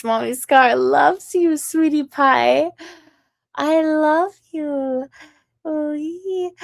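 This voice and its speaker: A young woman from the Midwest rants on a livestream in a slow, drawn-out way. Her voice has a gravelly fry to it as she taunts and mocks with profanity, sick and coughing now and then. The sound is dry and close. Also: medium pitch, a little mellow, no room sound. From American Midwest. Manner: taunting, mocking, profane, with frequent laughs. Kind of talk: ranting livestream monologue.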